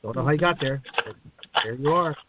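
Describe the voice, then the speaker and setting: A man's voice: mid-range voice, fairly quick. Musing man on a tinny call line. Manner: musing, repeats words while thinking. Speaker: host. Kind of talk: casual spiritual discussion. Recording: tinny phone-like line, faint hiss.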